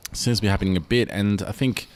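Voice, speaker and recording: A man's voice: on the low side, fairly even intonation, fast. A man hosting a podcast, chatting loosely and often restarting his sentences. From Australia. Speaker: podcast host. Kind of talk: casual podcast chat.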